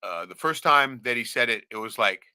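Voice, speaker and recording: A man's voice: mid-range voice, expressive, brisk, bright, forceful tone, clean tone, no room sound. A man telling stories in casual chat, bluntly and with constant swearing. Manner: swears constantly, blunt storytelling with lots of "right?".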